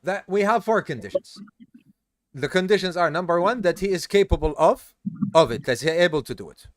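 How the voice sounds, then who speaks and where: A man's voice: high-pitched, animated, a little fast, dry recording, studio quality. A tired man teaching a religious study class, explaining step by step, quizzing his students and mixing in Arabic terms. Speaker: teacher of an Islamic study course. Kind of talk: classroom lesson. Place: live class session with students.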